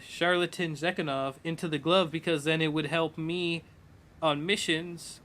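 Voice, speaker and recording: A man's voice: on the high side, bright, forceful tone. A man streaming, retelling a game's story in casual, rambling, profane chat full of quoted lines.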